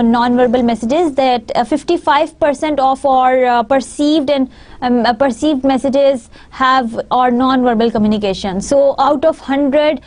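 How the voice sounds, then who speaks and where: Woman lecturer w pakistani english accent, pretty high voice, patient, keeps recapping stuff. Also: darkish tone. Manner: patient, explanatory teaching with frequent recaps. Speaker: university lecturer. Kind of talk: recorded online lecture.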